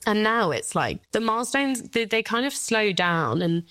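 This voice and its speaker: A woman's voice: medium pitch, sing-song, moderate pace, fairly bright tone, no echo. A woman in her thirties, a guest mother speaking candidly about her daughter, at times tearful, with light laughs. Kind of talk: emotional personal interview.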